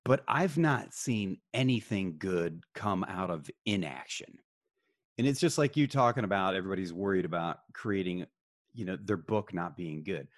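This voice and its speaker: A male marketing consultant, a guest in a casual interview, giving calm, measured advice. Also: sits low, no echo, clean studio sound.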